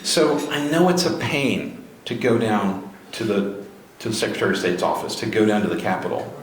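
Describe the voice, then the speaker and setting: A man's voice: on the low side, moderate pace. Man rallying a crowd in an echoey room. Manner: exhorting, with repeated rallying questions. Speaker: speaker at a grassroots political gathering. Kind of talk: motivational talk to a live audience. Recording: very echoey room, faint noise.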